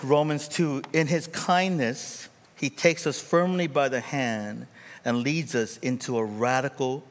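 A man preaching a sermon, animated and rising to near shouts, acting out quoted voices. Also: mid-range voice. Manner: acts out quoted voices in dialogue. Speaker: pastor. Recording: reverberant hall.

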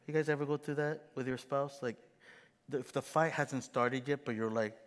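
A middle-aged man preaching a sermon as pastor, animated and acting out quoted voices with gasps. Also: mid-range voice, normal speed, long reverb tail, background noise.

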